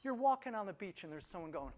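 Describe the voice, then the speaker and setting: A man preaching a lively sermon, animated and emphatic, repeating his key phrases for effect. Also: sits high, slight background noise. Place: church service on Kauai.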